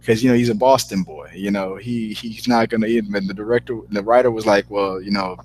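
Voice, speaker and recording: A man's voice: fairly low pitch, steady tone, brisk, a little mellow, slight background noise, low-quality recording. A man chatting casually as a movie reviewer, rambling and repeating words as he starts his sentences. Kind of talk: casual chat.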